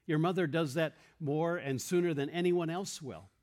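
A man's voice: on the high side, moderate pace, a little mellow. Earnest man preaching to a room. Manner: earnest, explanatory, with rhetorical questions and quoted verses. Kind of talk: sermon. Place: church room with a congregation.

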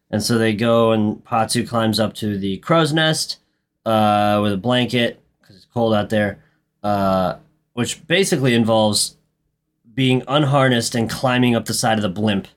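A man co-hosting a casual movie podcast, recapping the plot in a relaxed, matter-of-fact way. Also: lowish voice. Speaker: podcast co-host.

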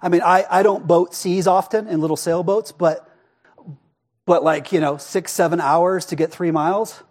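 A pastor preaches in a loose, conversational way, constantly checking in with a rhetorical "right?" His voice is high for a man and expressive, and he drops to a near hush when he wants a line to land.

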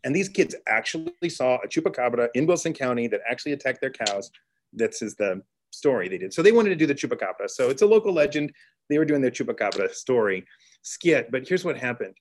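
A middle-aged man from Texas, a teacher telling a classroom story in an interview, earnest, with restarts and excited bursts. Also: mid-range voice, a little fast, slight background noise. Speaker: teacher and author guest. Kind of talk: storytelling in conversation.

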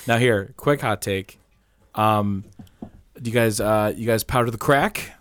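Low-voiced man in jokey podcast chat. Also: unhurried, a little hiss or hum. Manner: rambling, lots of "like" fillers, jokey. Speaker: podcast co-host. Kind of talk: casual comedic chat.

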